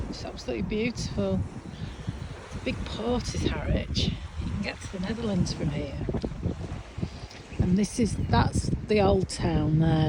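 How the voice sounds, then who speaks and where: A middle-aged woman with a Yorkshire accent, a touring folk musician chatting through a video diary, often dropping into hushed near-whispered asides. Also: medium pitch, heavy background noise. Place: van and hotel rooms on tour. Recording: clear music playing behind.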